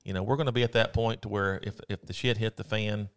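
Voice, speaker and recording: A man's voice: fairly low pitch, steady tone, quick pace, smooth. A man, co-hosting a casual chat, explaining things in an easygoing, rambling way. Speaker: co-host.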